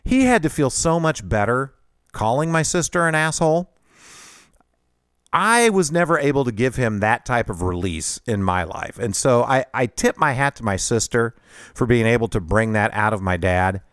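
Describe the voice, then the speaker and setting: A man's voice: mid-range voice, animated, moderate pace, fairly bright tone, smooth, no echo, studio quality. Self-deprecating middle-aged male storyteller. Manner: conversational, self-deprecating, laughs often. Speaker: podcast host. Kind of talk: personal storytelling monologue.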